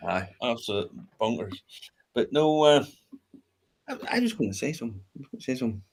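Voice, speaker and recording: A man's voice: mid-range voice, very animated, a little fast, darkish tone, slightly rough. A man chatting casually as a podcast co-host, telling stories with plenty of laughs and swearing. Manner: laughing storyteller, swears freely. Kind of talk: casual chat.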